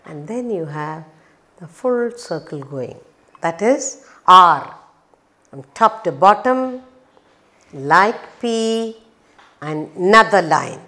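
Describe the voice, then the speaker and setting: Slow, sing-song woman teaching phonics. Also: lowish voice, pushed and bright. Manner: slow, clearly enunciated, sing-song with playful sound effects. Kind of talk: children's phonics lesson.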